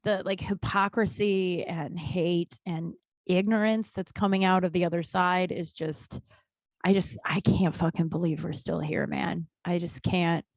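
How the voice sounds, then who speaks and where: A woman's voice: fairly low pitch, steady tone, measured pace, no room sound. A woman hosting her own podcast in a casual solo monologue, blunt and swearing freely, rambling with many restarts, recorded in a small closet at home. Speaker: podcast host.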